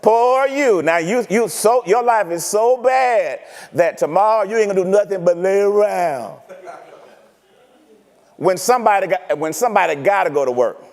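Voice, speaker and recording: High-voiced preacher in an echoing church. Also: male voice, moderate pace. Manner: animated, teasing preaching with rhetorical questions. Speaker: pastor. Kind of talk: sermon. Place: church sanctuary.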